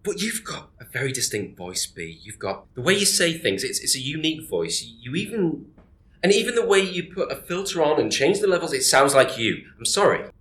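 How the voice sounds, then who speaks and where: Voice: medium pitch, very animated, fairly quick, fairly bright tone. A performer playing a skeptical library colleague who reasons things out and stammers, recorded in an echoey room.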